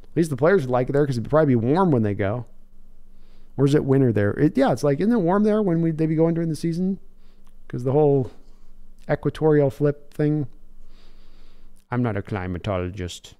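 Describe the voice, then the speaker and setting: A man's voice: fairly high pitch, animated, brisk, long pauses, warm tone. A man hosting a casual livestream, rambling, chatty and self-deprecating as he answers chat. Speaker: livestream host.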